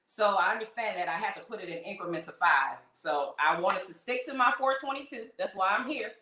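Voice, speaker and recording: A woman hosting a livestream, greeting viewers by name in a gushing, emotional way, her voice trembling with excitement. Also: mid-range voice, fairly quick, roomy sound, a little hiss or hum. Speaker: livestream host.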